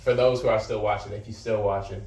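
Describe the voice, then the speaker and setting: A man's voice: lowish voice, steady tone, quick pace, a little mellow, distant mic. A man in casual vlog talk, blunt and slangy, swearing and boastful, a little out of breath. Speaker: vlogger. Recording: roomy sound from off the mic with faint background noise.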